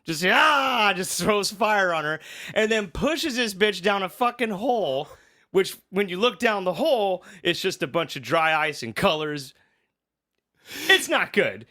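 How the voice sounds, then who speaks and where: High, lively man recapping a film. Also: a little slow. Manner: animated, laughs a lot, acts out lines in a raised voice. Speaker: podcast co-host. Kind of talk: casual movie recap chat.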